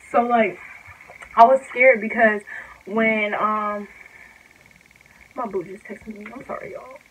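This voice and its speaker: Young woman, casual storytime vlog, chatty, rambling, filler words, middle pitch, faint background noise. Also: a bit bright, rough recording. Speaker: vlogger.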